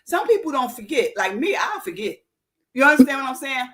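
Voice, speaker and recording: High-voiced woman telling lively stories. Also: fairly quick. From Newark, New Jersey. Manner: animated storyteller acting out quoted dialogue. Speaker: podcast host and author. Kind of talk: casual podcast chat.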